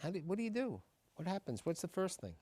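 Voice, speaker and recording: Male TV host with a mellow voice. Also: sits high, sing-song, fast, dry recording, clean studio sound. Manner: prompting, chiming in with quips. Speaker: TV interview host. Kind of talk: interview questions, casual chat. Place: television studio.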